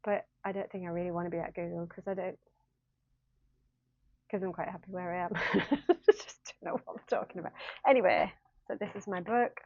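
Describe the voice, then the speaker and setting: A university lecturer in human-computer interaction, a woman in her fifties, rambles chattily in a talking-head vlog, often laughing at herself. Her lowish voice moves fairly quickly with long pauses. It's recorded on a phone camera, so the sound is dry and narrow.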